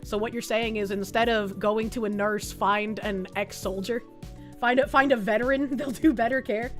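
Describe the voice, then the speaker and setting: A woman's voice: a little high, fairly even intonation, moderate pace, faint music behind. A woman streamer in casual chat, reading viewer messages aloud, swearing often and laughing easily.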